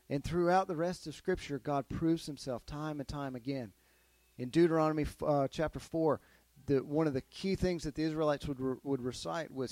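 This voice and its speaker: A man teaching a Bible lesson to a group of children, keeping them involved with steady questions and lively storytelling. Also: fairly high pitch, normal speed, no room sound. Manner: asks the kids questions, animated storytelling. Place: classroom with children.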